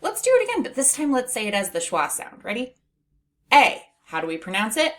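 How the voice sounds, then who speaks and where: Her voice sits on the high side and swings hugely in pitch as this middle-aged woman walks young kids through phonics. Patient and encouraging, she elongates words slowly and chuckles lightly from one step to the next.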